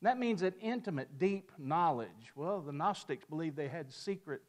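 A man's voice: fairly high pitch, animated, normal speed. A man giving an emphatic sermon-style Bible lesson, lifting his voice on quoted verses and dropping it at the ends of phrases. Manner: mimics a picky customer in a folksy aside. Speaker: preacher.

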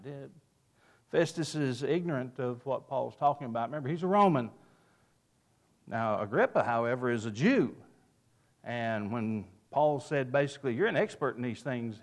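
A man teaching a Bible class who stresses key words, cites chapter and verse, and answers his own questions. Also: medium pitch. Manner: leads with questions and answers them himself.

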